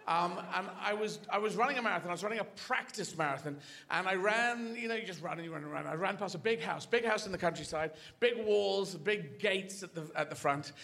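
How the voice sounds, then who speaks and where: A man's voice: sits high, brisk, vocal fry, sharp tone. A middle-aged British man doing rambling, playful stand-up comedy on a theatre stage. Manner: rambling, playful, with self-corrections. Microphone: stage microphone. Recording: live stage with audience noise.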